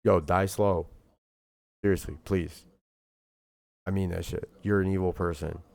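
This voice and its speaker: A man's voice: low voice, fairly even intonation, unhurried, vocal fry, a little mellow. A man streamer ranting casually to camera, heated and profane, rambling with lots of fillers.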